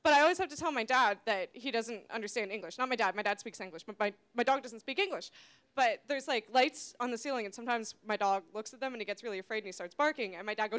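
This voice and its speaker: Bright high-pitched young woman comic. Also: fast. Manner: rambling, self-deprecating, shifts into loud shrill voices for quoted bits. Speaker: stand-up comedian. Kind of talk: stand-up comedy set.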